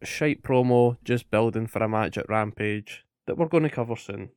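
A man's voice: fairly low pitch, normal speed, a little mellow, clear, resonant tone, no echo, clean studio sound. A man co-hosting a podcast, recapping wrestling in casual chat with swearing and rhetorical questions. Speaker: podcast co-host.

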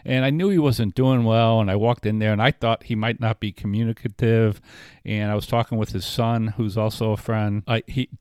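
A man's voice: fairly low pitch, fairly even intonation, moderate pace, darkish tone, clear, resonant tone, no echo, clean studio sound. A man telling a story in casual chat, often circling back and restarting his sentences. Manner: rambling, frequent restarts and filler.

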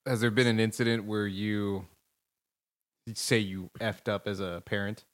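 A man's voice: lowish voice, fairly even intonation, unhurried. A man co-hosting a podcast, dropping brief, wry questions and remarks in casual chat. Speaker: podcast co-host.

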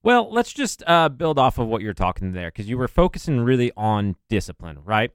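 A man co-hosting a money podcast, speaking in a relaxed way and thinking aloud as he builds on a point. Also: medium pitch, moderate pace, smooth, no echo, studio quality. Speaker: podcast co-host. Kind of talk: casual podcast talk on money.

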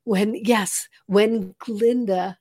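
Woman, 60s, calm coach; lively and playful, drops into soft, slow guided breathing. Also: mid-range voice. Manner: expressive, playful, shifts into slow soothing guidance. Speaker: guest, calm and sleep coach. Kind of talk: conversational interview with guided breathing.

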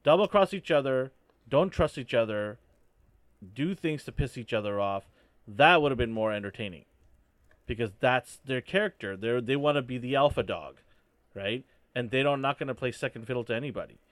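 A man's voice: medium pitch, lively intonation, moderate pace, no room sound. A man in a casual fan discussion, opinionated and rambling as he builds his points.

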